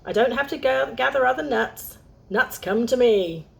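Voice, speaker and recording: A woman voicing a fast-talking, boastful male squirrel in a read-aloud storybook, chirpy and high. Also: vocal fry.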